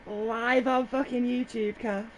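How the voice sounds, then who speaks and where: Slow-talking blunt woman. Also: a little high, fairly even intonation, a little hiss or hum, rough recording. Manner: laid-back, blunt, swearing. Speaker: streamer. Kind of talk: casual chat while gaming. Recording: crowd sounds behind.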